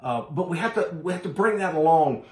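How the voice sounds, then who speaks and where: A man's voice: on the high side, expressive, fairly quick, darkish tone, roomy sound. A man preaching a sermon to his congregation, emphatic and direct, calling his listeners folks. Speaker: pastor.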